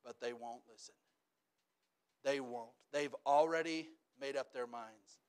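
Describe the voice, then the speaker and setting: A man preaching a sermon as pastor, animated, dropping to a hush and then rising loud. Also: mid-range voice, measured pace, smooth. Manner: swings between hushed and loud, animated.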